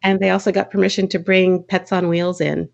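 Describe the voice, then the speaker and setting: A woman, a children's book author, chatting in an interview and telling stories, animated when quoting others. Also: on the low side, fairly quick, vocal fry, highs cut off. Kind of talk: casual interview storytelling.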